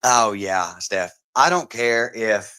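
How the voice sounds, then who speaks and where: A man livestreaming commentary, mocking and profane, greeting chat viewers by name between halting, filler-heavy sentences. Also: fairly low pitch, animated, sharp tone, clear, resonant tone. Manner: halting, many fillers and restarts.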